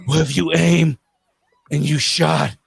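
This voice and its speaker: A man voicing a clueless, dim-witted male caped crusader who asks slow, puzzled questions. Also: on the high side, steady tone, vocal fry, breathy edge, dry recording, a faint crowd, heavily acted.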